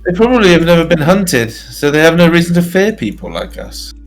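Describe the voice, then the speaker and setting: A man's voice: a little high, sing-song, brisk, faint music behind. A man in casual chat as a tabletop player, joking and switching in and out of character.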